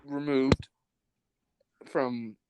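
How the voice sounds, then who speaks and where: A man's voice: medium pitch, steady tone, extremely slow, very noisy. A young man hosting a podcast, telling stories in a rambling, profane, casual way. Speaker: podcast host. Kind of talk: casual chat.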